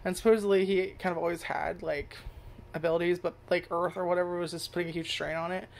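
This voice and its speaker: A woman's voice: lowish voice, flat delivery, fast. A woman giving casual first impressions of a show, rambling, swearing freely and correcting herself as she goes. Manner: rambling, profane, self-correcting. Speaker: anime reviewer.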